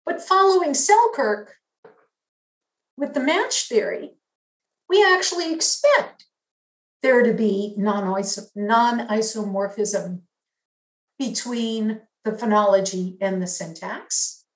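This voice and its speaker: A woman with a New York accent delivers an academic lecture, explaining each point in a measured way and stressing key terms. Her voice sits a little high, and she speaks slowly. The sound carries a noticeable room echo.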